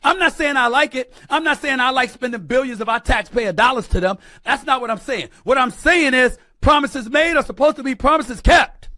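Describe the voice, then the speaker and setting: High, bright, emphatic commentator. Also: male voice, moderate pace, few pauses, no room sound. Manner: preachy, emphatic, rising to shouts. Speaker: sports commentator. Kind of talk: impassioned televised commentary.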